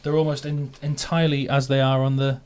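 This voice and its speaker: A man's voice: medium pitch, level tone, a little fast, a little mellow, clear, resonant tone. A man in his thirties from England, a musician hosting a podcast, chatting casually about his songs, self-mocking and laughing often.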